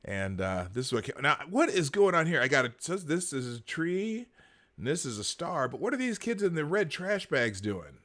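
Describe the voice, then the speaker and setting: A man's voice: fairly high pitch, sing-song, moderate pace, fairly bright tone. A man hosting a live morning show, rambling and sarcastic as he comments, with plenty of fillers and frequent laughter. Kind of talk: casual live-stream commentary.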